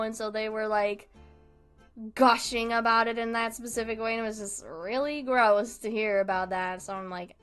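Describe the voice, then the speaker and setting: Young woman streamer, slightly high voice, chatty, giggly, rambling; soft music underneath. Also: clean tone. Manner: giggly, rambling storytelling with frequent laughs. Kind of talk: casual chat while drawing on stream.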